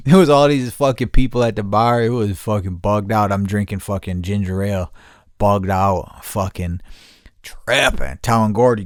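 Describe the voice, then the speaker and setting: A man's voice: lowish voice, normal speed, no room sound, clean studio sound. A man hosting a podcast, telling a rambling, profane story in a casual monologue and laughing as he goes. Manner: rambling, profane, laughing, acts out his own shouts. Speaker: podcast host.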